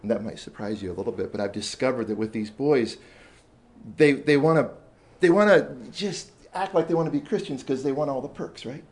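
A man telling a story to a room of teachers, animated and shifting between loud emphasis and quiet asides. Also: mid-range voice, brisk. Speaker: speaker addressing teachers. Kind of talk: storytelling talk to an audience.

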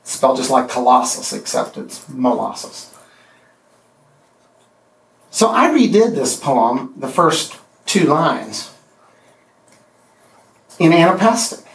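A man teaching a poetry class, speaking haltingly with restarts and counting out the beats of meters. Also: medium pitch, lively intonation, a bit bright. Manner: halting, many restarts and fillers, counts out rhythms. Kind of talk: classroom lecture. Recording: echoey room from far off.

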